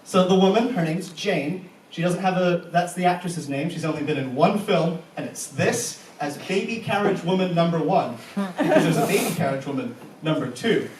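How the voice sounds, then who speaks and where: A man's voice: high-pitched, lively intonation, moderate pace, a little mellow, distant mic, a little hiss or hum. A young man doing live stand-up and compering, with profane, incredulous rants and frequent laughter into a handheld mic. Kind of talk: live stand-up comedy with crowd work. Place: comedy club stage before a live audience. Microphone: handheld stage mic. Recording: echoey live room, voice off-mic at times.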